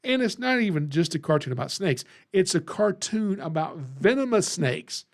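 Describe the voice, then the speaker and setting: A man hosting a podcast, telling a story in a rambling, animated way and reading out live chat comments. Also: high-pitched, moderate pace. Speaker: podcast host. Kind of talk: casual livestream podcast chat.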